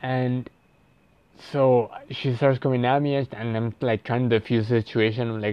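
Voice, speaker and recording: A man's voice: mid-range voice, level tone, normal speed, clean tone, dry recording, highs cut off. A young man telling a story casually, rambling and profane, with lots of "like" fillers and restarts.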